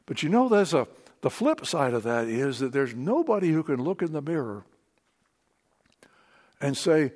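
Male preacher, high-ish and animated, sermon to a congregation, hushed then emphatic. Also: normal speed, long pauses. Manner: fervent, swings from hushed to emphatic. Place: church meeting.

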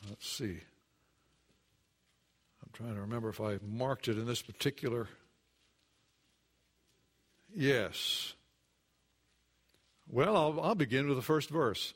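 A man preaching a sermon to a congregation, earnest, dropping to a hush and then rising. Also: medium pitch, expressive, unhurried, long pauses. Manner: earnest, swings between hushed and raised. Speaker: pastor.

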